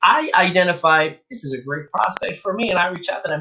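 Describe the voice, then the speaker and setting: A man giving a motivational business talk as a coach, energetic, acting out both sides of sales conversations, with English as a second language. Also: sits high, quick pace, background noise. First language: not English.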